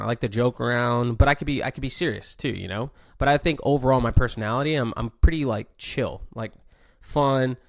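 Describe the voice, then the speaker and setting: A man's voice: lowish voice, creaky, dry recording, studio quality. A young man hosting a podcast, thinking aloud in a casual, rambling monologue full of fillers and restarts. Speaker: podcast host, competitive surfer.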